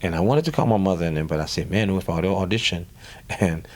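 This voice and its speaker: A man's voice: low voice, fast. A man with a New Orleans accent, a guest in an interview, telling his story with animation, repeating words and acting out the voices of others. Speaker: guest musician.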